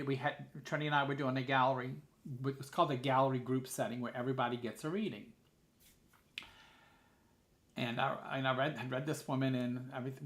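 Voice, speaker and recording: Chatty man with a gravelly voice. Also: medium pitch, echoey room. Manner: chatty storytelling with many restarts. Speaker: podcast host and medium. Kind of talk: casual live-stream chat.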